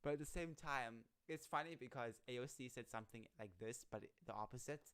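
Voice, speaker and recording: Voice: medium pitch, a little fast, a bit bright, smooth. A live streamer chatting casually and reading satire articles aloud, often stumbling over words and laughing.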